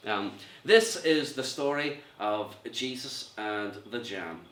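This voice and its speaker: A man's voice: medium pitch, expressive, slow, fairly bright tone. A middle-aged man with a Northern Irish accent doing a rambling, self-mocking stand-up set from home, laughing at his own jokes. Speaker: stand-up comedian. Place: room at home with a mirror. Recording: echoey room, faint noise.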